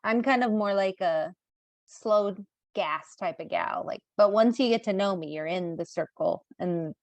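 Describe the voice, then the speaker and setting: A woman co-hosting a podcast, speaking in an unhurried way and laughing often. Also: mid-range voice, darkish tone, dry recording. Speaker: podcast co-host. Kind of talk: casual chat.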